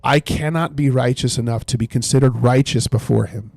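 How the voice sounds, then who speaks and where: Reading scripture with earnest care, this man runs a livestreamed Bible study, breaking down the passages and sometimes thanking people in chat. He talks briskly at a medium pitch, with vocal fry, a slightly mellow quality, and no room sound.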